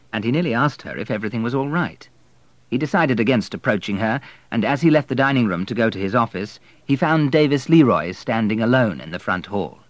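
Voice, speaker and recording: Male audiobook narrator, low voice, measured, steady, dry close recording. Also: no room sound. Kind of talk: scripted narration.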